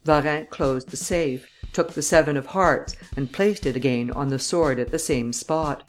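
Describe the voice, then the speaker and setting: A woman narrating an audiobook in a steady, measured way. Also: low voice, soft background music.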